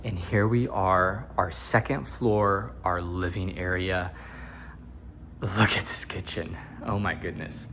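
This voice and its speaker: Chatty low-voiced man touring a house. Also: fairly bright tone, a little hiss or hum. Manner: chatty, upbeat, jokey asides. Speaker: real estate agent giving a home tour. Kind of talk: casual walk-through tour narration. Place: indoors in an empty house, walking room to room.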